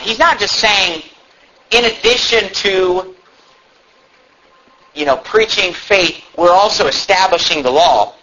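A man's voice: high-pitched, bright, forceful tone. A man preaching a sermon, reading scripture aloud and building emphasis as he explains it. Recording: dull lo-fi sound.

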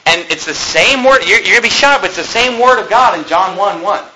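High, lively emphatic male preacher. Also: a little fast, a little hiss or hum, low-quality recording. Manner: emphatic, repetitive preaching cadence with sudden loud peaks. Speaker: pastor. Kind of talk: sermon.

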